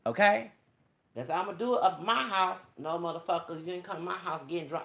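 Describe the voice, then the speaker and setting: A man's voice: high voice, quick pace, creaky, a bit bright, reverberant. A man delivering a preachy, profane rant straight to his viewers, quoting scripture and calling them y'all. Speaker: vlogger. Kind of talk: ranting monologue to viewers.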